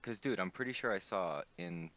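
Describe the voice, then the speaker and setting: A man's voice: low-pitched, moderate pace, fairly bright tone, no echo. A man chatting along with a friend's game stream, laid-back, swearing freely and giving tips. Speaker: guest friend on call. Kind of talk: casual gaming chat. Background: game music.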